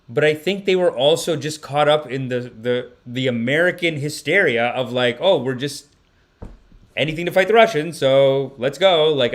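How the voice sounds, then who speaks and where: A man with a medium-pitched voice hosts a casual livestream podcast, reacting to clips with lively, joking commentary. He laughs often and talks directly to his chat.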